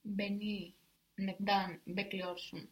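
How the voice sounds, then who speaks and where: Slow hesitant woman learner, off-mic. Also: medium pitch, little pitch movement, distant mic. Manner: hesitant, trying out answers. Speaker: language student. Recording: voice from away from the mic.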